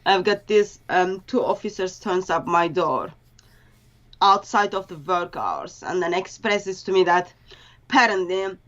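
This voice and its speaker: Halting, earnest woman on dull audio. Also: lowish voice, expressive, a bit bright. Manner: halting, earnest, with grammar slips. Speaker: interview guest.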